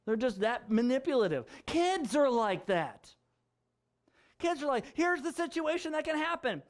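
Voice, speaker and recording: A man's voice: very high voice, very animated, moderate pace. A male pastor preaching a conversational sermon, chatty and jokey, with frequent asides and laughter.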